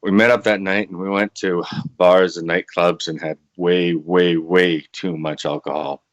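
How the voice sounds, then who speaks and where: A man's voice: low-pitched, steady tone, a little slow, no room sound. A man from Canada, a casino dealer, telling a casual story and repeating words for emphasis. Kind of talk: casual anecdote.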